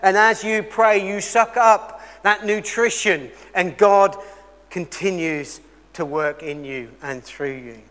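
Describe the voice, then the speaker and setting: High-pitched preacher in a reverberant hall. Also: male voice, slow pace. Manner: earnest storytelling, shifting between loud emphasis and quiet intensity. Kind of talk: sermon.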